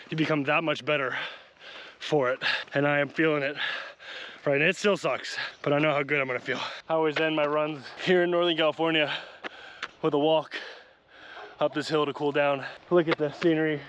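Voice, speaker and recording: A man's voice: a little high, a bit bright. A man vlogging outdoors while running, upbeat and motivational, and out of breath. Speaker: fitness vlogger. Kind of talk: casual vlog while running. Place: outdoors on a hilly road.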